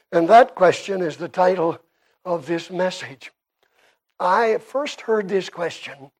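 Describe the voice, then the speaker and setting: Delivering a sermon in a high voice, a man with a Canadian accent speaks with emphasis, alternating softer stretches with louder ones.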